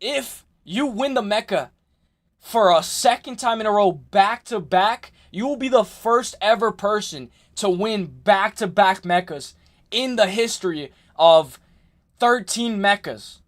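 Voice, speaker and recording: A young man hosting a livestream in casual chat, excitable and rambling, often repeating himself and saying "like" and "bro". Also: high voice, unhurried. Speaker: livestream host.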